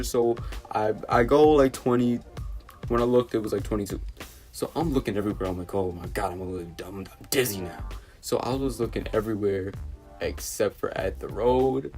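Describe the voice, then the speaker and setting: Teen dude w a new doing a storytime vlog, animated and fed up, lots of likes, faint music under it. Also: male voice, mid-range voice. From New York City. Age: teens. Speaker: vlogger.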